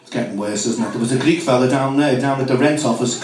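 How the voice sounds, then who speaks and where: A man's voice: medium pitch, darkish tone. A man from Merseyside with a Liverpool accent doing a stand-up comedy set, firing off jokes with lots of "you know" fillers. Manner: rapid joke delivery with many "you know" fillers. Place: club room with live audience. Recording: echoey room, distant mic.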